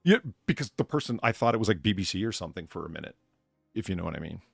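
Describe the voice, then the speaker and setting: A man with a lowish voice that swings widely in pitch as he talks, host of a laid-back chat stream. He speaks in an animated way and swears freely. The sound is dry and close, with faint music underneath. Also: rapid-fire, creaky, slightly rough, no echo. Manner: animated, swearing, laughs at own jokes. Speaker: streamer host, bartender of the show. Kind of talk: casual chat.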